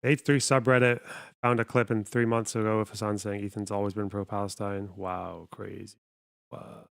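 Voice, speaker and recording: A man's voice: lowish voice, flat delivery, normal speed, gravelly, clear, resonant tone, dry recording, studio quality. A man hosting a livestream, giving casual, sardonic reaction commentary and swearing freely. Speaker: livestream host.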